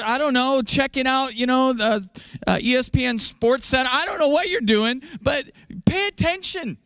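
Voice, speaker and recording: A man's voice: extremely high pitch, expressive, normal speed, bright, forceful tone, clean tone, no echo, clean studio sound. A man preaching a sermon as pastor, joking with the congregation and acting out quotes in a raised voice.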